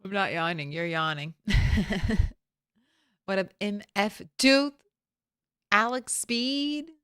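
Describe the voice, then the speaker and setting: A woman's voice: mid-range voice, expressive, slow pace, no echo, clean studio sound. A woman game streamer chatting casually from home, greeting viewers by name and laughing often.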